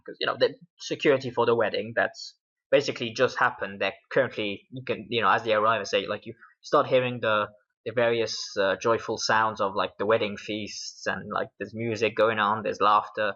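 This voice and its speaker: Bright-voiced British gamer recapping a session. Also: male voice, on the low side, steady tone, moderate pace. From Britain. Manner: rambling, with many fillers and laughs. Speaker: game master. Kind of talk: casual recap of a tabletop game. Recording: dull lo-fi recording.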